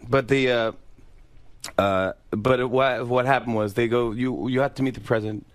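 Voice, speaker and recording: A man's voice: medium pitch, moderate pace. A man, a guest on a radio show, telling a story and acting out the lines of the people in it. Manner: animated storyteller who acts out the dialogue. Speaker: talk show host guest. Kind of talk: telling an anecdote on a radio interview.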